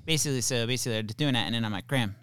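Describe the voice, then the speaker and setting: A man in his thirties chatting casually, telling lively stories about his kids and acting out what they said. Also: mid-range voice, racing, smooth, no echo. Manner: animated storyteller, acts out his kids' voices. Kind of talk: casual chat.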